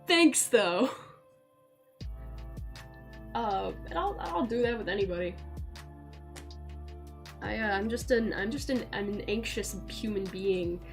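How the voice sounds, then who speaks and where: A woman streaming from home, chatting casually, loud and excitable with casual swearing, sometimes cooing baby talk to her cat. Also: mid-range voice, normal speed, pauses often, soft background music. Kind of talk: casual live-stream chat. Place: at home in a chair by a window.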